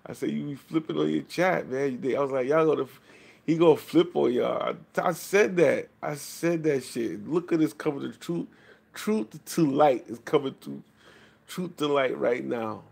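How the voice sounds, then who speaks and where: A man's voice: a little high, moderate pace, creaky, a little mellow, husky. A man ranting profanely to his chat on a late-night livestream. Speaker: live streamer. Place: home, at night.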